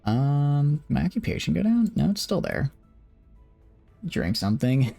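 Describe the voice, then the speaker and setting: Young man, low gravelly voice, tired, rambling joking stream commentary, lively pitch, dry close sound, faint game music behind. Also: a little slow, no echo. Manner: rambling, joking, self-deprecating. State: tired, late at night. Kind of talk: casual live-stream commentary.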